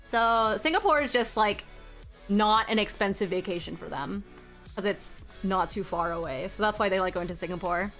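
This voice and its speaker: A woman's voice: mid-range voice, a bit bright. Chatty woman streamer, faint music behind. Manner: chatty, answering chat aloud, laughs often. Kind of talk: casual chat with viewers while drawing.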